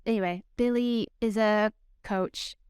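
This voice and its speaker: A woman co-hosting a casual rewatch podcast, playful and chatty, quick to tease her co-host. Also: mid-range voice, steady tone, a little mellow, smooth, no echo, clean studio sound.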